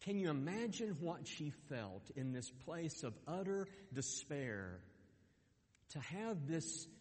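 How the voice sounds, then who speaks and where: A man's voice: fairly high pitch, darkish tone, in a large hall. A man preaching a sermon, earnest, often repeating words as he restarts. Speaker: pastor.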